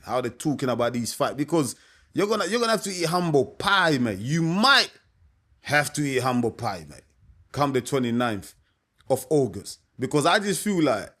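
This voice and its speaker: A man's voice: a little high, fairly bright tone. A man, a boxing coach giving his opinion to camera in a casual, emphatic way, often asking "you know what I mean". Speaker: boxing coach and channel host.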